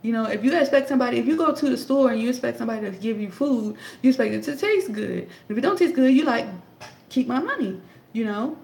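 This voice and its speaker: A woman's voice: a little high, animated, quick pace, gravelly, hardly any pauses, darkish tone, slight background noise. A woman in her thirties giving casual political commentary into a tablet, emphatic and sarcastic, firing off rhetorical questions. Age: 30s. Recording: echoey room.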